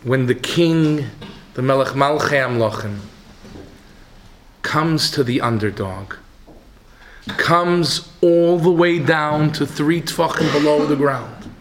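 A man giving a sermon, telling a story with dramatic swings from hushed tones to shouting. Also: fairly high pitch, slow pace, long pauses, slight background noise.

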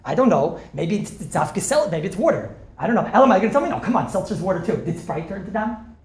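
Fast-talking man giving an animated sermon. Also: high voice. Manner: animated, asks rhetorical questions and jokes. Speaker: rabbi giving a holiday talk. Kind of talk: informal Torah talk. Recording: echoey room with faint noise.

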